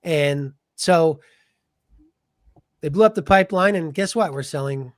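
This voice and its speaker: Higher-voiced opinionated male guest. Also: a little slow, no room sound, clean studio sound. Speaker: podcast guest. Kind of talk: casual podcast conversation.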